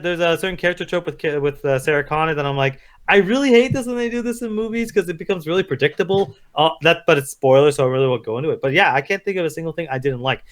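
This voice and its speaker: A man co-hosting a casual movie review chat, excitable and profane, acting out his own reactions as he talks. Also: a little high. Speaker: podcast co-host.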